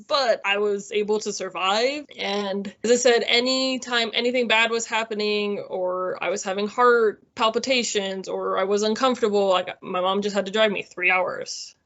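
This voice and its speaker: A woman's voice: medium pitch, steady tone, a little slow, a bit bright, muffled recording. A woman in her thirties telling her own story in a casual, chatty way, with many fillers and easy laughs. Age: 30s. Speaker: interviewee.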